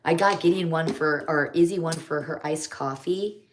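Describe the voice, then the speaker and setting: A woman's voice: sits low, normal speed, background noise. A middle-aged woman chats in a rambling, homey way while doing her makeup on a live stream. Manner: rambling, homey, chatty storytelling.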